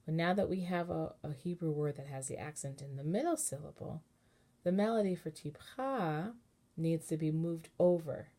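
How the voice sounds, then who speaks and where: A woman cantor giving a relaxed, patient lesson on chanting, explaining step by step and singing short chanted examples. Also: low-pitched, moderate pace. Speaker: cantor teaching Torah chanting. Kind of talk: informal online lesson with sung examples.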